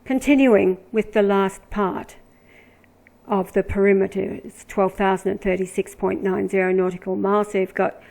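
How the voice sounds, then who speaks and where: A woman giving religious commentary, reading scripture verses aloud with deliberate, emphatic delivery. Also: medium pitch, fairly even intonation, gravelly, a little mellow, rough recording.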